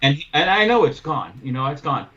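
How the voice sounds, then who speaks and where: Brisk and fairly high-pitched, this man's voice comes through with its highs cut off. On his casual podcast, the window-cleaner host tells a drawn-out story of losing a cleaning client, swearing freely and dramatically acting out both sides of the talk.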